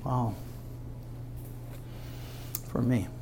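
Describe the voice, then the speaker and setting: Gravelly-voiced pastor preaching to his church, earnest, lots of pauses, bit of hiss. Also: mid-range voice, fairly even intonation, warm tone. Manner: earnest, emphatic, with dramatic pauses. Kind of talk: sermon. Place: church before a congregation.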